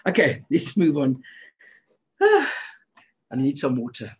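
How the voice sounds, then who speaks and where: A fervent, excitable male preacher with a fairly high, husky voice, delivering his sermon in bursts of enthusiasm. The recording is slightly dull and lo-fi. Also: slow pace, long pauses.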